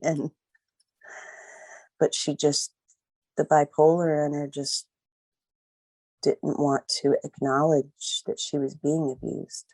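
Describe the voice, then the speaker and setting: A woman's voice: low voice, flat delivery, slow, pauses often, a little mellow, no echo, low-quality recording. A middle-aged woman recalling events as a guest, rambling and leaning on "like" and "you know". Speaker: guest, mother of a missing daughter. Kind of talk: emotional personal recollection.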